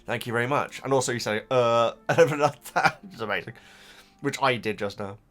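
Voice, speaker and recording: A man with a mid-range, fairly bright voice chats casually at a moderate pace as a YouTube reactor. He reads viewer comments aloud and rambles, often stumbling over repeated words.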